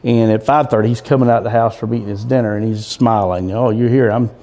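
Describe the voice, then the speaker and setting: A man's voice: lowish voice, steady tone, quick pace, warm tone. A man telling a rambling, folksy story as a guest in a casual interview, with frequent restarts. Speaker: guest, coon hunter.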